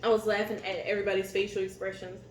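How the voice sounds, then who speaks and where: A woman co-hosting a couple's channel, telling family stories in a casual, animated way and laughing easily. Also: medium pitch, quick pace, reverberant, a little hiss or hum, poor audio. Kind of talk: casual storytelling chat.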